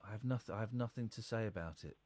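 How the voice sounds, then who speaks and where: A man's voice: fairly low pitch, quick pace, darkish tone, no echo. A man hosting a late-night radio phone-in, blunt, pressing and sarcastic. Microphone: studio microphone.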